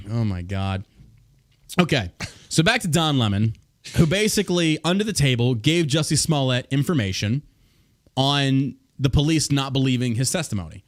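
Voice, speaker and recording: A man's voice: medium pitch, animated, normal speed. A man hosting a podcast, ranting in a profane, combative way. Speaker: podcast host. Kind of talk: casual podcast rant.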